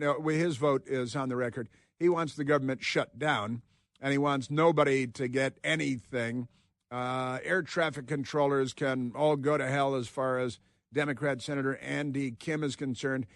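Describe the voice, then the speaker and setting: A man's voice: medium pitch, no room sound, clean studio sound. Sarcastic, combative male radio host. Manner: combative and sarcastic, with frequent halting restarts. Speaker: radio talk show host. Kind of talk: opinionated talk radio commentary.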